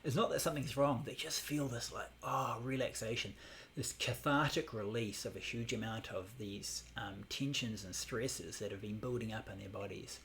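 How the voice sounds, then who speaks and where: A man teaching a Buddhist meditation class, explaining in a relaxed way with many fillers. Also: medium pitch, normal speed, gravelly, few pauses, slight background noise.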